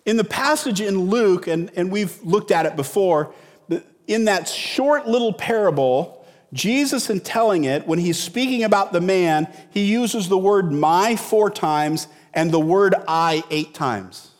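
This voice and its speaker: Middle-aged male pastor, chatty sermon, fairly high voice, long hall reverb. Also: expressive, a little slow. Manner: conversational, repeats words, asks rhetorical questions.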